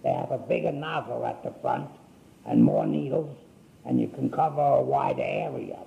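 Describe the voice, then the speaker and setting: A man's voice: medium pitch, creaky, dark tone, dull audio. An older man telling his life story in a folksy, rambling way, acting out what people said. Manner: folksy, unhurried, acts out quoted speech.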